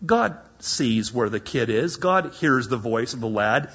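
A hoarse man preaching a sermon, retelling Bible stories with lively acted-out voices. His voice is husky and the recording sounds dull and lo-fi. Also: medium pitch, measured pace, few pauses. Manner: animated storytelling, acting out biblical voices. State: hoarse, coughing.

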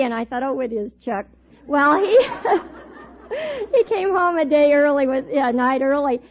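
A middle-aged woman with a fairly high voice teaching a Bible class. She tells her stories in an animated way and laughs often. The recording is thin and tinny, like a phone line. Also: a little slow. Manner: animated storyteller, laughs often while telling.

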